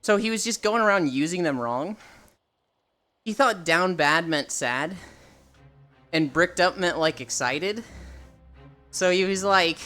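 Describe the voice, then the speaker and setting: A woman streamer chatting casually with her live chat, teasing viewers and telling animated stories. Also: on the low side, a little slow, long pauses, soft background music. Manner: animated storytelling with laughter.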